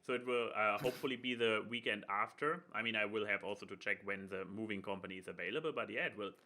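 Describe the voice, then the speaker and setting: A young man with a bright, forceful voice, chatting casually on a podcast. He talks in halting bursts, stopping often with fillers and restarting his sentences. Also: lowish voice. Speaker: podcast co-host. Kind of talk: casual chat.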